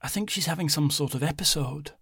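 A man voicing a caring young woman who speaks softly and soothingly to her grandmother. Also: a little high, brisk, breathy edge, no echo, pitched above the performer's own voice. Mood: gentle concern. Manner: soft, soothing, reassuring.

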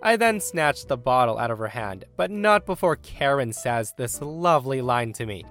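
A man reads a Reddit story aloud at a brisk, steady pace. His voice sits at an ordinary middle pitch, with soft music underneath. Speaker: narrator.

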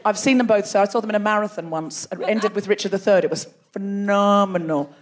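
A woman hosting a comedy podcast live on a theatre stage, teasing the audience in animated crowd work. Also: medium pitch, a little fast. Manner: teasing, animated, laughing between jokes. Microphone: stage microphone.

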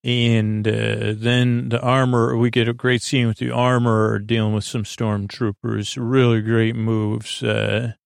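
A man's voice: mid-range voice, creaky, clean tone, dry recording, studio quality. A man hosting a podcast, rambling through a casual episode recap with lots of fillers. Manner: rambling, filler-heavy retelling. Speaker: podcast host.

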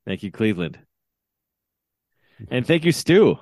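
A man co-hosting a casual comedy podcast, easygoing, with short deadpan agreements and asides. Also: medium pitch, a little slow, dry recording, clean studio sound. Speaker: podcast co-host.

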